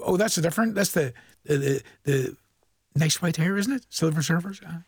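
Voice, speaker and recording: A man's voice: fairly high pitch, normal speed, breathy edge, no room sound, studio quality. An older man with a Northern Irish accent, hosting a radio show in a chatty, folksy way, reading out listeners' greetings and chuckling often. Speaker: radio presenter. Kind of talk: casual radio shout-outs. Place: radio studio.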